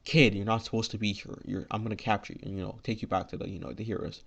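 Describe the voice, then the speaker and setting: A man voicing a cold, protective teenage boy hero who speaks quietly and sternly. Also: lowish voice, steady tone, fast talker, vocal fry. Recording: lo-fi dull recording.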